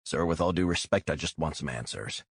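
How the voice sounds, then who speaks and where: A man voicing a blunt, hot-headed male operative who argues forcefully and swears. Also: a bass voice, a little fast, vocal fry, husky, dry recording, exaggerated voice.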